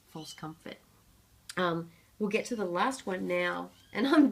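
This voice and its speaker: A woman's voice: on the low side, creaky, a bit bright. A woman psychic reading oracle cards and books for a viewer, in an earnest, reflective way with light laughs. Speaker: psychic reader.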